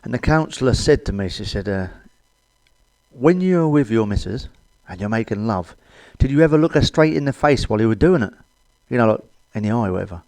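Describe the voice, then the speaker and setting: A man's voice: medium pitch, lively intonation, brisk, darkish tone, dry recording. Crude, blunt British man telling jokes. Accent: British English. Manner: swears a lot, blunt and cheeky. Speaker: stand-up comedian. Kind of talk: crude stand-up comedy monologue.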